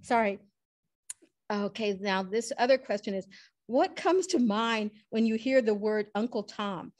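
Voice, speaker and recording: A woman lecturer answering audience questions, speaking earnestly with frequent restarts and quick laughs. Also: a little high, darkish tone, dry recording. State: tearful at times. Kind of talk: lecture Q&A, personal storytelling. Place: library lecture room.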